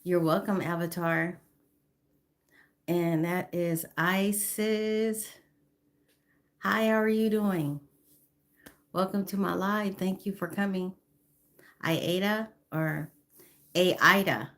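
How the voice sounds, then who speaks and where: A woman's voice: lowish voice, little pitch movement, slow, long pauses. A woman in her fifties chatting on a phone live stream, greeting viewers by name and apologizing now and then. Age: 50s. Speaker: livestreamer.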